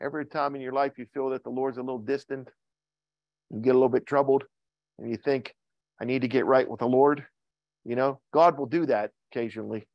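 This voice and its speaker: An older man preaches a church sermon and reads old scripture slowly, lifting his voice on the key words. Between readings he talks plainly to his congregation. The recording is muffled and dry, with little room sound. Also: mid-range voice, fairly even intonation, no room sound. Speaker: pastor. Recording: dull lo-fi sound.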